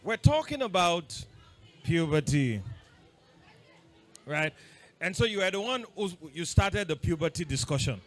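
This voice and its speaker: A man leading an interactive talk with a group of boys, playfully quizzing them with quick questions. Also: sits high, very animated, some chatter behind. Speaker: workshop leader talking to boys.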